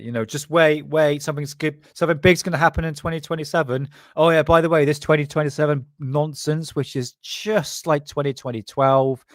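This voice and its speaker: A man's voice: medium pitch, no echo, studio quality. A man from England hosting a casual livestream, rambling, sarcastic and self-deprecating. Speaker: host.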